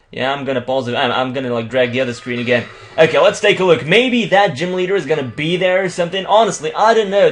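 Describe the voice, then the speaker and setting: Animated young man, English. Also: fairly high pitch. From Belgium. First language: not English. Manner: casual, crude and rambling, with many restarts. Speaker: let's play host. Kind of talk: let's play commentary.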